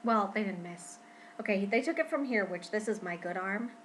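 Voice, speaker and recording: A young woman talking casually to her camera at home in a pregnancy vlog, chatty and expressive, often saying "freaking". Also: mid-range voice, moderate pace, a little hiss or hum, poor audio. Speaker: vlogger.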